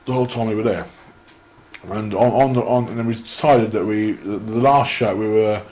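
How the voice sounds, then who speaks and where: A man's voice: fairly low pitch, normal speed, darkish tone. A young English man telling long, rambling anecdotes in a casual interview, with frequent restarts. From England. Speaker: interview guest, wrestler. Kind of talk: casual storytelling. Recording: echoey room.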